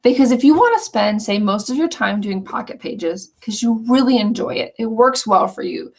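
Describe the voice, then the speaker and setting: A woman's voice: a little high, lively intonation, moderate pace, gravelly. A woman teaching an online scrapbooking course, walking through the lessons in an earnest, chatty way with frequent restarts. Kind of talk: casual walkthrough of course lessons.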